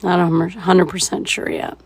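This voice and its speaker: A woman's voice: on the low side, fairly even intonation, normal speed, creaky, a little mellow. A woman leading a live painting tutorial, laid-back and thinking aloud as she works. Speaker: painting instructor.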